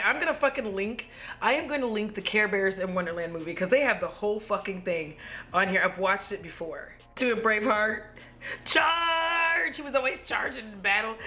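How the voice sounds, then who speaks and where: A tipsy woman hosting a casual makeup review vlog from home, gushing, excitable and swearing freely. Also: mid-range voice. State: tipsy from drinking. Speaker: beauty vlogger.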